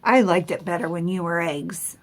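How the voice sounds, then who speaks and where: A woman voicing a grumpy, stern male bear in a picture book, scolding loudly. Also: lowish voice, moderate pace, natural voice. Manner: gruff, loud scolding.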